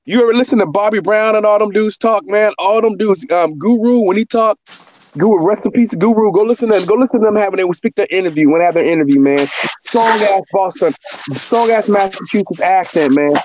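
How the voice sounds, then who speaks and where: A man's voice: high voice, fast talker, no room sound. A man hosting a casual chat. He talks emphatically and repeats phrases as he builds his point. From Northern California. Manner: animated, repeats himself, emphatic. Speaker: host.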